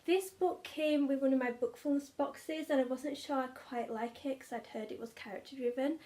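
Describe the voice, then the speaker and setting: A woman's voice: sits high, normal speed, warm tone. A young woman, chatting enthusiastically about favourite audiobooks, often repeating words for emphasis. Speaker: book vlogger. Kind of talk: casual chat.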